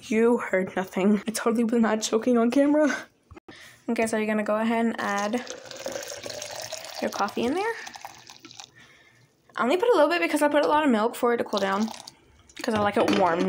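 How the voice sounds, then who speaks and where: Young woman, casual kitchen chat, self-conscious, slightly high voice, faint background noise. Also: brisk, long pauses. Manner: giggly, self-conscious rambling. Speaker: vlogger. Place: home kitchen, indoors.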